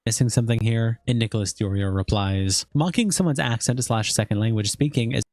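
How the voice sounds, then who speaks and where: A man narrating a recap and reading online posts aloud in an even, brisk manner. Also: medium pitch, no room sound.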